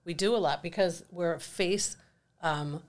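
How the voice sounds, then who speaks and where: A woman's voice: fairly low pitch, a little slow. A middle-aged woman co-hosting a podcast, talking candidly and reflectively in casual chat. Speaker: podcast co-host.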